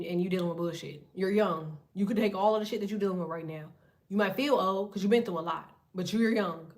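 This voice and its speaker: A woman giving a casual tarot reading, talking bluntly with heavy profanity and a preachy edge. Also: medium pitch. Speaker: tarot reader.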